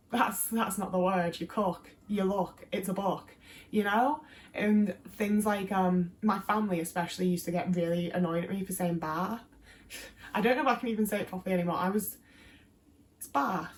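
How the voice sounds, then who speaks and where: A woman's voice: mid-range voice, fairly even intonation, moderate pace, slight background noise. A young English woman with a Midlands accent, chatting casually to camera in a rambling way with lots of fillers. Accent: English, Midlands mixed with Liverpool. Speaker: YouTuber.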